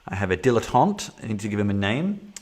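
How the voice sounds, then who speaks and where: Low-voiced man thinking aloud while streaming. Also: sing-song, quick pace. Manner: rambling, with frequent fillers and restarts. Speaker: solo game player and streamer. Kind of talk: casual live-stream chat, thinking aloud. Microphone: desktop setup with camera.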